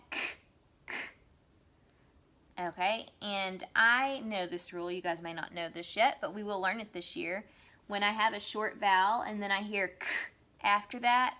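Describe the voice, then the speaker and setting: A young woman teaching first grade in a recorded remote lesson, sounding words out slowly and encouraging the children. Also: mid-range voice, sharp tone. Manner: slow, stretched-out sounding of words; encouraging, reassuring.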